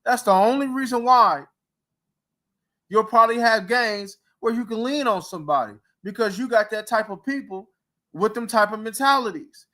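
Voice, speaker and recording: A man's voice: high voice, normal speed, bright, forceful tone. A man hosting a casual sports talk show, ranting in a heated, mocking way with rhetorical questions. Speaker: podcast host.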